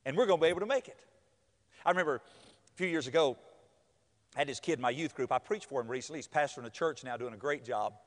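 A man with a mid-range voice talks fast but pauses often while preaching a storytelling sermon. He's animated, performing quotes and laughing between lines. Long reverb from the hall hangs on every word.

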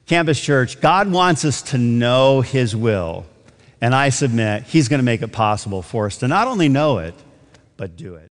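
A man preaching a sermon slowly and deliberately, his voice rising in prayer. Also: mid-range voice, very animated. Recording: long hall reverb.

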